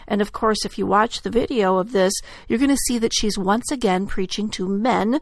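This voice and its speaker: A woman giving critical commentary in a measured, deliberate way with frequent hesitations. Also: mid-range voice, dry recording.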